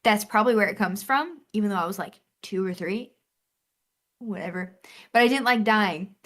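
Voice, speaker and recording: A young woman co-hosting a gaming podcast, telling a lively story and acting out the lines. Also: medium pitch, normal speed. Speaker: podcast co-host. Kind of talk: casual chat.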